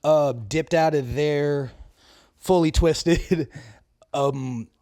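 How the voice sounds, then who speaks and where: A man's voice: a little high, extremely slow, mellow, no echo, clean studio sound. A young man telling a rambling story in a casual podcast chat, laughing often. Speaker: podcast co-host.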